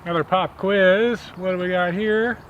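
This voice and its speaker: A man's voice: sits high, fairly even intonation, normal speed, dull audio, a little hiss or hum. A man teaching a botany field lesson outdoors among trees, explaining in a friendly way and telling a folk tale.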